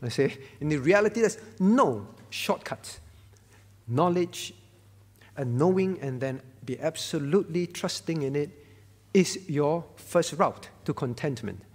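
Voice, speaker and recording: A man's voice: fairly high pitch, animated, a little slow, big-room sound. A man preaching a sermon, stressing key words by repeating them and asking rhetorical questions. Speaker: pastor.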